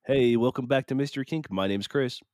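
A man in his thirties chats on a podcast in a middle-pitched voice and rambles a little. He keeps mocking himself. The sound is dry and close, with no room echo. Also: fairly quick, a little mellow. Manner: rambling, self-mocking, acts out what he told himself. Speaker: podcast co-host. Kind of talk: casual podcast chat.

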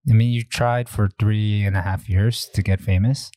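A man's voice: lowish voice, fairly even intonation, normal speed, warm tone, no room sound. A man co-hosting a podcast, chatting casually and laughing often as he teases his friend. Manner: laughs often, easygoing and teasing. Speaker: podcast co-host. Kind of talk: casual chat.

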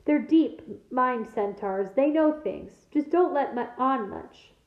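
A woman reading aloud, voicing a big, blunt male gamekeeper who talks in a rough dialect. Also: high-pitched, animated, slow pace, full character voice. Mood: gruff. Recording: echoey room, tinny phone-like sound.

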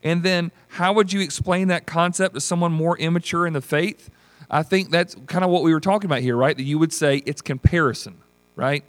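A man, leading a Bible study as pastor in a folksy, animated teaching style and acting out voices. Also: fairly high pitch, brisk, dry recording. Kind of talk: teaching sermon with group discussion.

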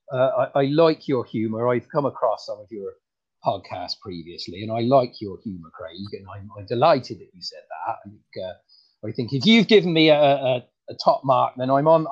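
A man voicing a bumbling rural farmer comedian with a rural English accent, talking in a halting, stammering, folksy way. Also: mid-range voice, animated, natural voice. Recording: dull lo-fi sound.

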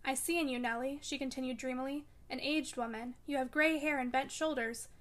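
A woman's voice: high voice, fairly even intonation, brisk, fairly bright tone. A woman reading aloud as a feverish, delirious young woman, dreamy and frightened. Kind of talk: audiobook reading.

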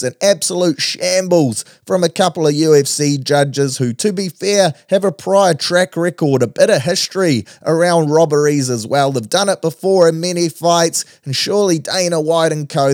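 Blokey Kiwi podcast host, dry sound. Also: male voice, fairly high pitch, no echo. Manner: blokey, energetic, slangy. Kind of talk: casual chat and sports commentary.

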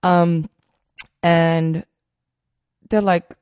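A woman's voice: low-pitched, fairly even intonation, takes it slowly, vocal fry, darkish tone, dry recording. A woman hosting a podcast, telling a heartfelt personal story in an earnest way, with many fillers and repeated phrases, on a close mic. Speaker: podcast host.

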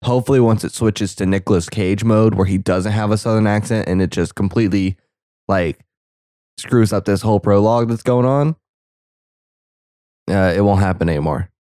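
A young man with a low-sitting, mellow voice offers casual reaction commentary over a movie, packed with sarcastic asides. He speaks at a moderate pace, and the recording is dry and close, with no room sound or echo.

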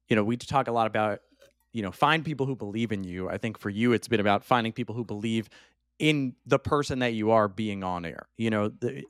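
A man's voice: on the low side, smooth, dry recording, studio quality. A man hosting a casual podcast interview, who laughs often and hesitates with many fillers. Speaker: podcast host.

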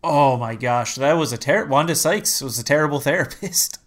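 A man's voice: on the high side, moderate pace. Chatty laughing man on a podcast. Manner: chatty, laughs often, many likes. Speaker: podcast co-host. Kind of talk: casual podcast chat.

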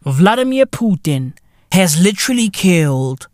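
A man hosting a podcast, ranting solo with loud swearing, swinging between shouts and low muttering. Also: big pitch swings, measured pace, dry recording, studio quality. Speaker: podcast host. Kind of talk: solo comedic rant.

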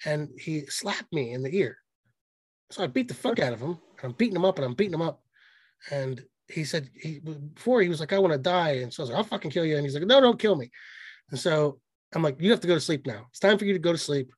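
A man's voice: fairly high pitch, expressive, quick pace, husky, no room sound. A man co-hosting a podcast, telling a rambling, profane story in casual chat. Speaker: podcast co-host.

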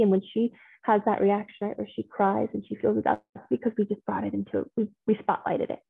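A woman's voice: medium pitch, lively intonation, quick pace, vocal fry, slightly rough, no echo. A woman working as a transformational coach, talking a group through their feelings over a video call in an affirming, encouraging way and calling people pet names. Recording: phone-like video call audio.

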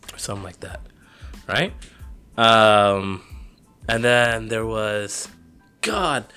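A young man co-hosting a podcast, chatting casually in slangy, excitable talk and laughing often. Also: on the low side, slow, clean tone, faint music behind. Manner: animated, slangy, laughs a lot. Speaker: podcast co-host. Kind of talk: casual chat.

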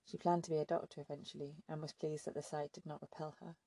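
Gravelly, dark-voiced woman narrating. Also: deep voice, little pitch movement, quick pace, no room sound. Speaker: audiobook narrator. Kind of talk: scripted narration.

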